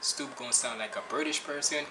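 A man's voice: medium pitch, fairly quick, roomy sound, poor audio. Rambling man reacting. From Jamaica. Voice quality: rambling, chatty, restarts a lot. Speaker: reaction video host. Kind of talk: casual chat.

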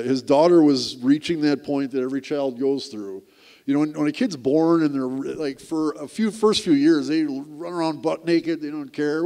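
A man's voice: medium pitch, a little mellow. Middle-aged man at a theater event, candid self-mocking storyteller with a mid-range voice and frequent restarts. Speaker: speaker at a community event. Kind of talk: personal storytelling to a live audience. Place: theater stage.

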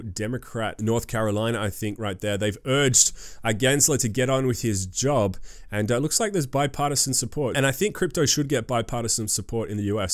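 A man's voice: mid-range voice, dry recording, clean studio sound. Emphatic man hosting crypto news. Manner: emphatic, hype-driven, lots of fillers and "guys". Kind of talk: fast-paced crypto news commentary.

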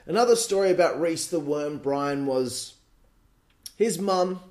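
Aussie guy in his late 20s spinning crude stories on a podcast, voice sits a bit high, swears a lot. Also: unhurried. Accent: Australian. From Australia. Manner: animated, crude, swears freely. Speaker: podcast host. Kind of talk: casual storytelling monologue.

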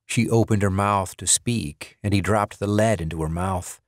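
A man reading a horror audiobook aloud in slow, deliberate, scripted narration. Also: low-pitched, fairly even intonation, dry recording, studio quality.

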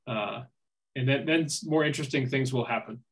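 A man delivers an academic lecture, working through his points aloud with frequent pauses and restarts. His voice sits at a middling pitch for a man. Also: low-quality recording. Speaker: seminar speaker.

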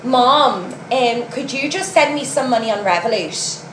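A woman's voice: fairly high pitch, expressive, a little slow, roomy sound, slight background noise, rough recording. A woman putting on a posh south Dublin accent to play a spoiled young girl who whines to her mum for money. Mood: wheedling.

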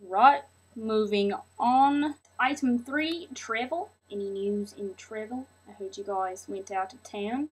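A woman playing a fussy, officious male band manager in a comedy sketch, with a put-on New Zealand accent and a brisk, by-the-agenda manner. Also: a little high, breathy edge. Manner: brisk, runs a meeting by agenda items.

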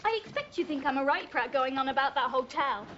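A woman's voice: sits high, animated, fairly quick, a bit bright. An actress playing a sixteen-year-old runaway schoolgirl who craves attention, in a 1980s TV comedy-drama. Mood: chatty. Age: teens. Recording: dull lo-fi TV audio, faint hiss.

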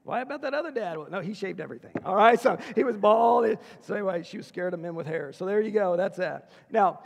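A man speaking at a school chapel, telling personal stories in an earnest way that swings from hushed to excited. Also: high-pitched. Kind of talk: personal storytelling sermon. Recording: echoey hall.

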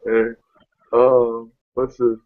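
A man's voice: mid-range voice, monotone, extremely slow. A man hosting a casual live video hangout, joking and laughing often as he rambles. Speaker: host of a motovlogger live hangout. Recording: dull lo-fi sound with faint noise.

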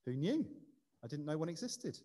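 Man, quiz host at a church service, joking asides, slightly high voice, long church echo. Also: big pitch swings, moderate pace, warm tone. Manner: jokey, chatty, self-deprecating asides. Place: church building. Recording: long reverb of a church hall.

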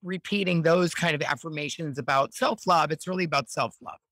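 A middle-aged woman speaking as a podcast guest in a casual, earnest and encouraging way, slowly leading affirmations. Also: low-pitched, fairly bright tone, no room sound. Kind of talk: casual motivational chat.

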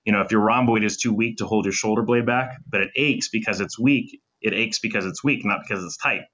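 Man, podcast guest doctor, quick technical explaining, bright forceful voice, lowish pitch. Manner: fast, technical, lecturing with clinical terms. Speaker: sports medicine doctor, guest. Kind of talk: podcast interview, explaining in depth.

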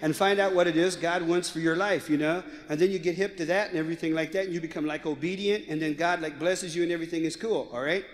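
A woman's voice: lowish voice, fairly even intonation, fast talker, few pauses, long reverb tail, voice pushed down, lightly acted. A man doing a breezy valley girl teen. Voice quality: valley girl slang drawl. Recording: live comedy album with crowd and hiss.

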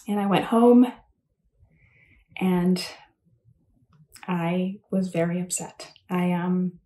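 A woman's voice: on the low side, steady tone, drawn-out words, mellow. A woman giving a casual, rambling commencement speech, self-deprecating and full of fillers. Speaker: commencement speaker. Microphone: home recording for a virtual address.

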